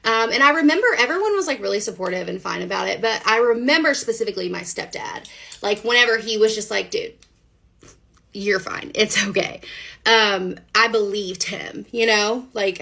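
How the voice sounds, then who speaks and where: A woman telling her own story to the camera in a casual, animated, chatty way. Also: medium pitch, brisk, creaky. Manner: animated, chatty, many fillers. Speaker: storyteller sharing a personal story.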